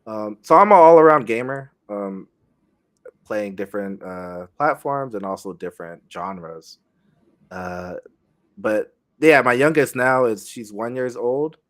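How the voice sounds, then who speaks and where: Podcast guest, thirties male, easygoing, lower voice, hesitant fillers. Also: lively intonation, measured pace. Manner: easygoing, many ums and uhs. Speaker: guest streamer. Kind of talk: casual interview chat.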